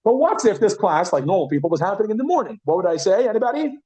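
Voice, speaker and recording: A man teaching a Yiddish class, chatty and lively, who repeats words slowly and asks the class questions. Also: high-pitched, breathy edge, rough recording. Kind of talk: classroom lesson.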